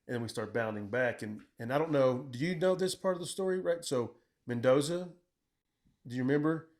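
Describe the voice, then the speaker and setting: A middle-aged man, a military veteran, telling combat stories in casual conversation, blunt and profane, acting out what he shouted. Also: medium pitch, fairly quick. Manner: profane, blunt, quotes himself in raised voice.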